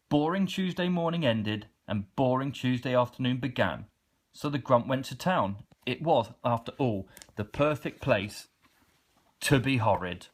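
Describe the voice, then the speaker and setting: A man reading a children's storybook aloud in a playful, expressive way. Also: mid-range voice. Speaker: storybook reader.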